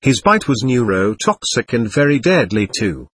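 Man, husky voice, memoir narration, steady read, dry close recording. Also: mid-range voice, moderate pace, dry recording. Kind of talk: first-person adventure memoir narration.

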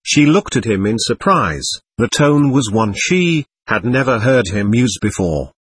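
A male audiobook narrator with a husky voice and a lively, varied pitch. He reads in a measured, expressive way, and the recording is dry and close. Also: dry recording.

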